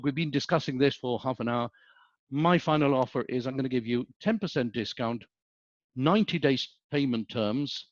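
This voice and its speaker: A middle-aged man teaches an online business class, spinning anecdotes and checking in with his listeners every few sentences. His voice sits at an ordinary middle pitch. The sound is dry and close, a little dull and muffled. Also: dry recording. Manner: anecdotal, animated storytelling with frequent "okay?" checks. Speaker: business school professor. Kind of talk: webinar lecture.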